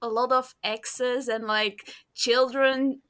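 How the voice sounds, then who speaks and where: A woman with a high voice describes her plans on a podcast. She speaks slowly and hesitantly, padding her thoughts with fillers. The tone is casual. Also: fairly even intonation, a bit bright. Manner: hesitant, lots of filler words. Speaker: podcast guest, campaign player. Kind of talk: casual chat.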